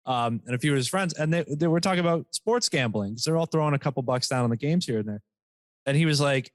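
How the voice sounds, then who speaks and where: A man co-hosting a comedy podcast, telling stories in casual chat, animated and swearing freely as he mocks people. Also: on the high side, fast talker, no echo, studio quality. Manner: animated storytelling, swears freely, mocking impressions. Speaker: podcast co-host.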